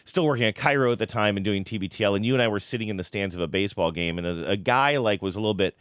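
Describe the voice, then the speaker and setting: A man's voice: on the low side, very fast, a bit bright, clear, resonant tone, dry recording, studio quality. A man co-hosting a podcast in a casual chat, rambling and reflective, often answering with mm-hmm. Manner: rambling, reflective, lots of mm-hmms. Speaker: podcast co-host.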